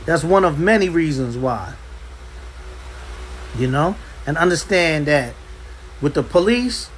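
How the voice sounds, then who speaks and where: A man with a somewhat high voice preaches to his Bible class, forceful and insistent. He drives each point home by repeating it, with a faint hum of air conditioning behind him. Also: poor audio. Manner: forceful, repeats "understand" for emphasis. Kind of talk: impassioned preaching. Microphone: livestream.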